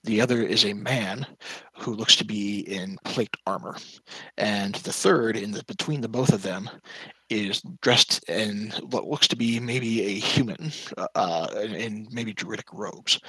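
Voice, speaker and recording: A man running a tabletop game as game master, describing scenes in a halting way with fillers. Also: on the low side, pushed and bright, slightly rough, dry recording, rough recording.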